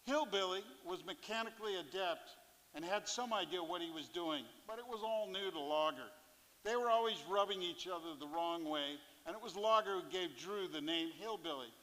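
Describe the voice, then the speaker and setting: Man, bright high voice, live stage reading of a sea story, long theatre reverb. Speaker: fisherpoet performer. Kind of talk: reading a first-person fishing memoir on stage.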